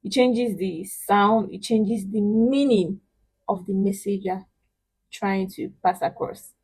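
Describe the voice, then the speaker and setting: Slow, patient woman teaching a lesson. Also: medium pitch, breathy edge, rough recording. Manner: patient, emphatic, models syllables slowly and loudly. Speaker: Chinese language teacher. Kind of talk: online language lesson.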